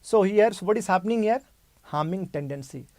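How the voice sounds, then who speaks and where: A man's voice: high voice, expressive, fairly quick, darkish tone, dry recording. A male medical lecturer teaching a clinical case, repeating key terms and asking rhetorical questions.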